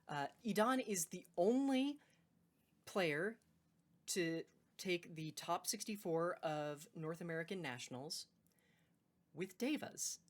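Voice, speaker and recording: A woman hosting a card game video, talking in a loose, rambling way and correcting herself mid-sentence. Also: on the low side. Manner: rambling, self-correcting, laughs between points. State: hiccuping. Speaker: card game video host and tournament judge. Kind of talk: casual unscripted video intro.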